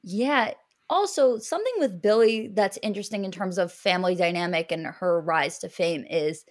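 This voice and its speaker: A woman co-hosting a podcast in casual chat, talking in quick, chatty bursts with many fillers. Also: medium pitch, fairly bright tone, dry recording, clean studio sound. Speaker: podcast co-host.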